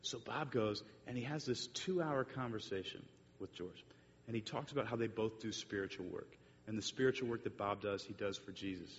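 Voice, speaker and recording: A man giving a sermon with slides, telling a long story with many fillers and restarts. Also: fairly quick. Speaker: speaker giving a church talk with slides. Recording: muffled echoey hall recording with faint rumble.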